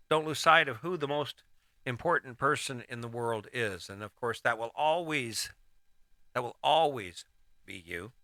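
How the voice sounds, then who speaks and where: Bright, dry-voiced man giving life advice. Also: mid-range voice, no room sound. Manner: casual, rambling, frequent restarts. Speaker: host. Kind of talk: motivational vlog monologue.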